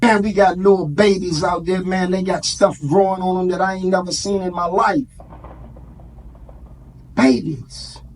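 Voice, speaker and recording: High-voiced man preaching to a crowd. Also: fairly even intonation, a little slow, long pauses, slight background noise. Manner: preacherly, call-and-response, street vernacular. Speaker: community organizer speaking at an event. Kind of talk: impassioned speech to a live audience.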